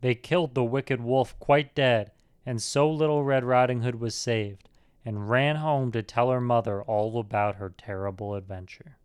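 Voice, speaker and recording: A man narrating a fairy tale aloud with an expressive storyteller's delivery. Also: mid-range voice, moderate pace, clean tone.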